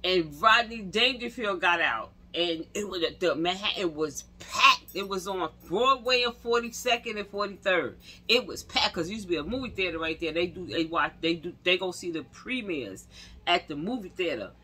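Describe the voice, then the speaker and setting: A woman tells stories straight to camera in loose street slang. Her tone is bright and edgy, and she laughs and acts out the people in her stories as she goes. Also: on the low side, animated, normal speed, slightly rough. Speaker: vlogger. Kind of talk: casual storytelling to camera.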